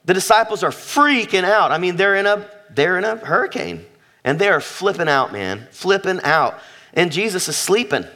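A man's voice: high voice, animated, normal speed, sharp tone. A man preaching a sermon as pastor, emphatic, repeating phrases and asking the congregation questions. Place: church sanctuary.

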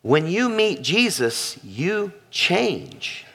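A man's voice: sits high, sing-song, very slow, fairly bright tone, slightly rough. A man preaching a sermon as pastor, emphatic, repeating phrases and asking the congregation questions. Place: church sanctuary.

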